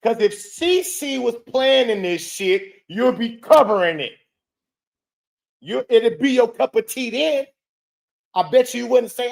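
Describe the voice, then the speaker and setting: A man hosting a reaction show, heckling a clip in a loud, profane rant. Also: high-pitched, very animated, unhurried, gravelly. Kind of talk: ranting reaction commentary.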